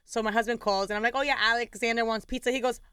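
A woman's voice: fairly high pitch, quick pace, clear, resonant tone, no room sound. A woman co-hosting a podcast, chatting casually as a mother and acting out quoted family voices as she tells stories. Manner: lively storyteller who acts out quoted voices. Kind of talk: casual chat.

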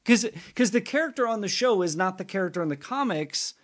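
A man's voice: high-pitched, lively intonation, a little fast, a bit bright. A man hosting an interview podcast, talking as an eager, enthusiastic fan. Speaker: podcast host. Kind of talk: casual interview chat.

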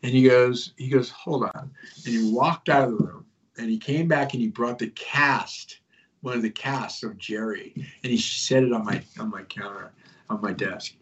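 A man's voice: medium pitch, moderate pace. Rambling man on dull lo-fi audio. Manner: rambling, filler-heavy, conspiratorial. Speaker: guest, host of his own show. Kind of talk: casual interview storytelling.

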